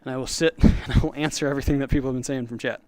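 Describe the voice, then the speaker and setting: A man's voice: mid-range voice, fairly even intonation, racing, darkish tone, dry recording. A young man chatting casually on a livestream, rambling with lots of fillers while answering chat. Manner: rambling, filler-heavy, reads chat aloud. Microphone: clip-on magnetic microphone.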